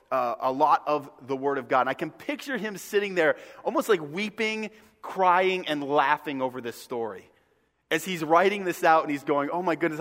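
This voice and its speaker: High-voiced man preaching with humor. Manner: humorous, lively storytelling with voiced asides. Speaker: pastor. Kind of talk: sermon. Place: church sanctuary. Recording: long reverb of a large hall.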